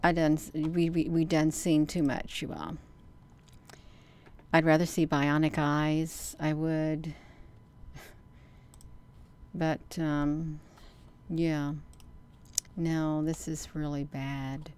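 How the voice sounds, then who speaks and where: A woman's voice: low-pitched, flat delivery, slow pace, long pauses, a little mellow, clean tone. A woman hosting a casual livestream, rambling and answering viewers' comments. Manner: folksy, rambling, says "you all" and "honey". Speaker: livestream host.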